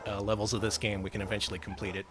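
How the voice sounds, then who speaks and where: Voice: sits low, level tone, rapid-fire, a bit bright, faint music behind. A streamer playing a retro game live, wry and jokey, yelping at the action. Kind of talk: casual gaming stream commentary.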